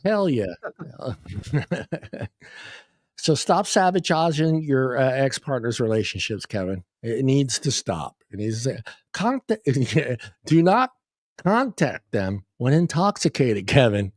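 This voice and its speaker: A man's voice: mid-range voice, very animated, slow, no room sound, studio quality. A man hosting a podcast in casual chat, joking and laughing loosely with plenty of swearing. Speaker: podcast host.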